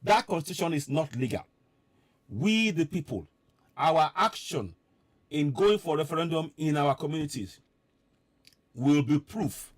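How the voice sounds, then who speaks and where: A man speaks with fervent, insistent energy on a live stream, his voice sitting fairly high. He hammers his points home through repetition, like a preacher. The sound is dry and close, with no room echo. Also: lively intonation, a little slow, long pauses. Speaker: political commentator addressing diaspora viewers. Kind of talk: impassioned live-stream address.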